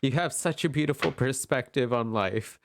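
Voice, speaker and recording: A man giving a gentle, affirming pick-a-card tarot reading, tearful and emotional as he talks. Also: medium pitch, normal speed, no room sound, clean studio sound. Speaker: tarot reader.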